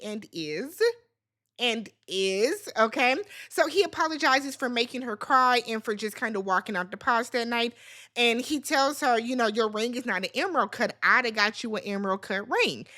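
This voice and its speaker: A woman's voice: on the high side, bright, forceful tone. A woman hosting a casual reality TV recap, sassy and blunt, talking straight at the cast members as if scolding them.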